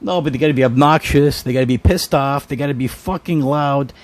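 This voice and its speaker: A man's voice: medium pitch, brisk, no room sound. A man hosting a podcast, ranting in an exasperated, profane way and laughing now and then. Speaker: podcast host. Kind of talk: solo comedic rant.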